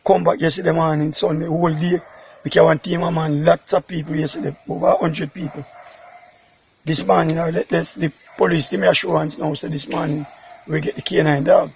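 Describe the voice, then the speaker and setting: A man's voice: fairly high pitch, little pitch movement, fairly quick, vocal fry, a little hiss or hum. A man with a Jamaican accent, a father recounting in an interview how his daughter went missing, rambling in patois. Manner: rambling, emotional retelling in patois.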